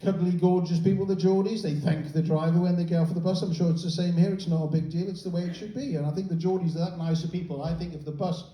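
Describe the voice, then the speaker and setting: A man's voice: high-pitched, steady tone, fast, hardly any pauses, mellow. A middle-aged man doing a stand-up comedy set, sardonic and freely swearing, often mimicking other people in raised voices. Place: comedy venue with a live audience. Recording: roomy live venue, distant mic, crowd noise. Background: audience laughter.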